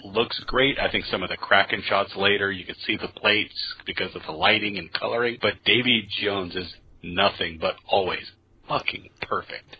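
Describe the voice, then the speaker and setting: A man's voice: moderate pace, a little hiss or hum. A man co-hosting a podcast, talking casually and admiringly about a film's effects and acting, swearing for emphasis. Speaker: podcast co-host. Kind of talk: casual movie commentary chat. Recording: husky deep voice, dull lo-fi sound.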